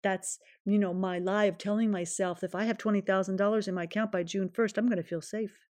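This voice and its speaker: A woman's voice: medium pitch, fairly even intonation, brisk, darkish tone, dry recording. A woman hosting her own podcast, talking earnestly and emphatically in a reflective solo monologue, her voice shaking with emotion. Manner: earnest, emphatic, self-affirming. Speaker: podcast host.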